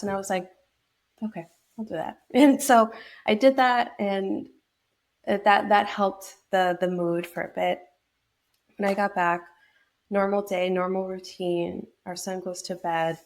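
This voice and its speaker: A woman's voice: mid-range voice, fairly even intonation, a little slow, darkish tone. A young woman from New York state, a podcast guest telling a personal story in a reflective way, with many fillers and restarts. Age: young adult.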